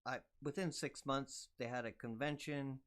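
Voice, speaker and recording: An older man talking casually. He speaks softly and humbly, agreeing easily as he reflects aloud. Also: mid-range voice, steady tone, moderate pace. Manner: soft-spoken, humble, agreeable. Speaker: musician guest. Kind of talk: casual conversation.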